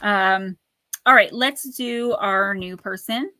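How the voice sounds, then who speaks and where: A woman's voice: medium pitch, takes it slowly, pushed and bright, dry recording. A woman chatting casually on a livestream, talking straight to her viewers and laughing often while she reads oracle cards aloud. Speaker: livestream oracle card reader and author. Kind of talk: casual livestream chat and card reading.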